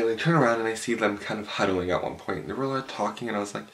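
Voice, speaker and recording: A young man telling an animated, profane story at home, full of "like" fillers. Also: lowish voice, fast, few pauses, noisy background. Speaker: vlogger. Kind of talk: storytime vlog. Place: home room with a cloth backdrop.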